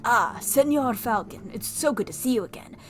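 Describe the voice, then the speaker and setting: Woman doing a sly fox con man, theatrical, smooth, evasive, visual novel read-aloud. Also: a little high, lively intonation, moderate pace, a bit bright, faint music behind. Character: sly male fox thief posing as a prince.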